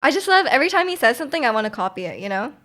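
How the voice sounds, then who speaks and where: A woman's voice: fairly high pitch, big pitch swings, rapid-fire, sharp tone. A young woman streamer chatting casually with her viewers, rambling with lots of "like"s and restarts and laughing often. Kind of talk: casual chat reading chat messages.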